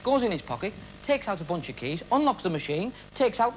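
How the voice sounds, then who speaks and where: A male comic magician, lively and teasing, trades cheeky banter with audience volunteers in stage comedy patter on a TV studio stage before a live audience. His voice sits high and runs a little fast, with faint music behind and a rough recording.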